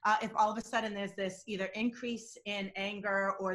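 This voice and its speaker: A woman guest explaining deception cues in an interview, telling animated stories and acting out quotes. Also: mid-range voice, brisk. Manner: animated storytelling, acts out quotes. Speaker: body language and deception expert guest. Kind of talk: interview answers with examples.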